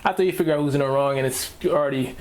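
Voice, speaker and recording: A man's voice: mid-range voice, rapid-fire. A man hosting a reaction video, ranting casually in slang and repeating himself as he talks.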